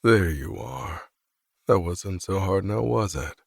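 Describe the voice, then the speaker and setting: A narrator voicing a calm, amused young male hockey player with a deep, gravelly voice and a relaxed, inviting way of talking. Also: slow, no echo, studio quality, exaggerated voice. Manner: relaxed, inviting, quietly teasing. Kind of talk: audiobook character voice.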